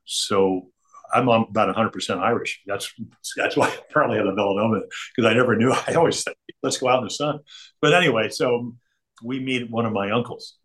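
Fairly low in pitch, a little fast, and a bit bright, an older man appears as an interview guest. He rambles through chatty, digressive anecdotes, chuckling between them.

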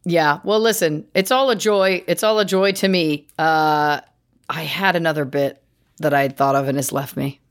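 A woman's voice: deep voice, normal speed. A woman co-hosting a podcast in casual chat, telling stories playfully. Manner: playful, animated storytelling. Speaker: podcast co-host.

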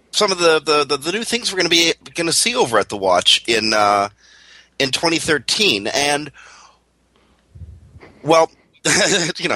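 A man's voice: medium pitch, pushed and bright, no room sound, poor audio. A Canadian man co-hosting a radio talk show in casual chat, joking and rambling with lots of fillers and restarts.

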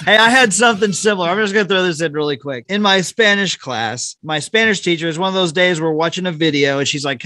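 A man co-hosting a casual music talk show, chatting enthusiastically and telling a quick story. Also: high-pitched, sharp tone, dry recording. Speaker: podcast co-host. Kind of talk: casual chat.

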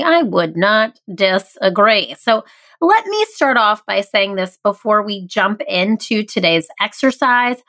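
A woman's voice: mid-range voice, a bit bright. A woman in her thirties hosting a podcast, talking candidly and earnestly with self-deprecating humor. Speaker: podcast host. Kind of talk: motivational podcast monologue.

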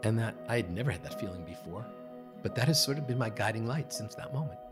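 A man guest on a podcast, telling a personal story in an earnest, halting way with many fillers and restarts. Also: fairly low pitch, animated, over loud music. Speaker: guest, meditation teacher. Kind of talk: reflective storytelling. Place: podcast studio.

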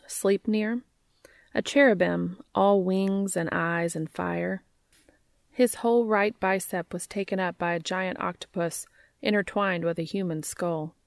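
Woman reading fiction with a gravelly voice. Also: medium pitch, no echo, studio quality. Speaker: narrator. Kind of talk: reading romantic fiction aloud.

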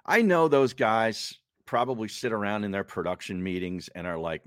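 A man's voice: lowish voice, moderate pace, no room sound, studio quality. A man co-hosting a casual sports podcast, chatty and opinionated. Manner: chatty, opinionated, does mocking voices. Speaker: podcast co-host.

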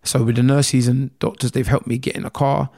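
A man's voice: medium pitch, flat delivery, brisk, gravelly, darkish tone. A man in his thirties from England, telling his story candidly as an interview guest in a rambling, emotional way that repeats phrases. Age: 30s.

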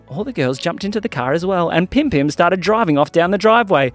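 Lively man telling a kids' story. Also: sits high, brisk, dry recording. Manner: lively, animated reading. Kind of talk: children's story narration.

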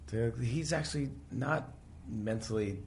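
A man's voice: medium pitch, a little slow, gravelly, slight background noise. A man guest on a podcast, chatting casually and acting out scenes as he retells them. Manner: animated storyteller acting out scenes. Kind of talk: casual chat.

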